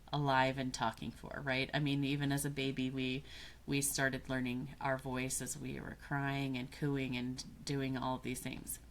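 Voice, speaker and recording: A woman with a notably low voice speaks as a podcast guest. She talks thoughtfully and unhurriedly, stopping to rephrase and search for the right words as she explains an idea. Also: slight background noise. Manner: thoughtful, searching for words, restarts mid-phrase. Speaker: guest, business coach. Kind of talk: reflective podcast conversation.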